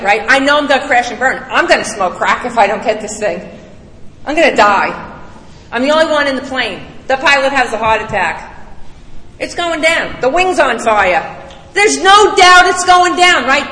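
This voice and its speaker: A woman's voice: a little high, sharp tone, a little hiss or hum. A middle-aged woman giving a recovery meeting testimony, emphatic, blunt and salty, with rising bursts. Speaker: speaker sharing a recovery story. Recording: echoey hall with long reverb.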